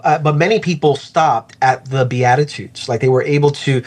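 A man who is a pastor, speaking in an earnest, reflective way in a conversational interview and slowing down to stress his points. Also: medium pitch, fairly even intonation. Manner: earnest, reflective, slows for emphasis.

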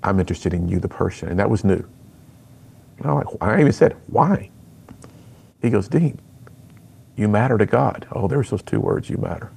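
A man's voice: lowish voice, animated, moderate pace, vocal fry, pauses often, dark tone, breathy edge. A middle-aged man, a youth speaker and author, telling his personal story in an interview with earnest storytelling and acted-out dialogue.

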